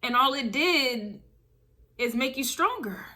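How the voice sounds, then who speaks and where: A tarot reader with a high, animated, bright, and forceful voice speaks slowly in a casual spiritual reading to camera. She's emphatic, driving her points home with repeated phrases.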